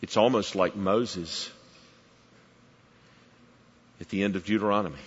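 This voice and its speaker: A middle-aged man preaching a sermon, swinging from loud emphatic build-ups down to near-whispers. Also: fairly low pitch, brisk, few pauses, breathy edge, in a large hall, muffled recording.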